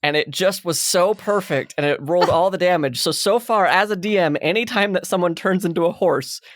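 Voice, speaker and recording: A woman co-hosting a casual podcast, who also runs tabletop games and tells stories with animated, acted-out quotes. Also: fairly low pitch, fairly quick, no room sound, clean studio sound. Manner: animated storytelling, acts out quotes. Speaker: podcast co-host and game master.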